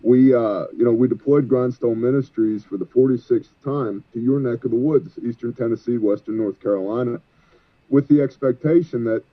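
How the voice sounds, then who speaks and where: A man's voice: mid-range voice, normal speed. An exhausted man, a ministry leader, speaking as a guest in a fervent, sermon-like way and quoting scripture. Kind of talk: preachy interview talk. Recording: tinny phone-like call line.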